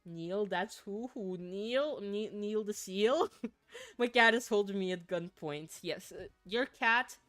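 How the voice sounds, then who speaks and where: A young woman from Finland with a mixed accent chats casually as a streamer, giggling and rambling through her sentences as she reads chat aloud. Her voice is smooth and clear at a middle pitch, recorded dry and close with faint game music underneath. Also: lively intonation, slow pace, fairly bright tone, no echo. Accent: mixed, not a typical Finnish one. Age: young adult. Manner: giggly, rambling, with frequent laughs and restarts. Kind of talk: casual chat while gaming, reading chat aloud.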